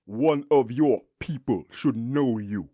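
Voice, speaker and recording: A gruff, dim-witted warrior guard in an audiobook, as a man puts him on, growling slow and suspicious in broken speech with a thick accent. The voice sits very deep and dark. It is close and dry, with no room around it. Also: animated, no echo, muffled recording, exaggerated voice.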